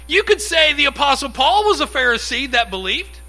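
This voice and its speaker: Guy preaching a sermon, really high bright voice, chatty and animated. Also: fairly quick, poor audio. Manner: conversational, animated preaching with acted-out quotes. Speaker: pastor.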